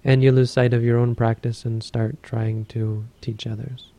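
A man who teaches Buddhism, giving a dharma talk and telling a story in a calm, measured way. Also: medium pitch, no room sound.

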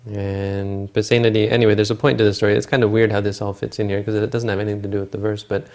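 A man's voice: fairly low pitch, level tone, fast, a little mellow. A man retelling a Buddhist scripture story in a talk, informal and searching aloud for words and names.

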